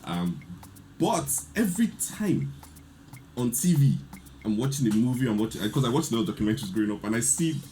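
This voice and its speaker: A man, telling a lively story in casual chat and acting out the quotes. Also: mid-range voice, brisk, a little hiss or hum. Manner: animated storyteller, laughs often, acts out quotes. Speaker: podcast guest.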